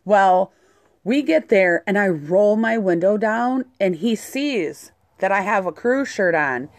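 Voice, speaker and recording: A woman telling a story in casual chat, animated and swearing freely. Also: medium pitch, takes it slowly, no echo. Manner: animated, swears a lot, acts out quotes.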